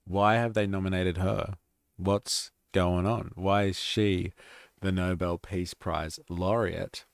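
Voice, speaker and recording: A man's voice: deep voice, gravelly, no room sound, clean studio sound. A man hosting a live stream, reading a statement aloud and breaking in with sarcastic, mocking asides.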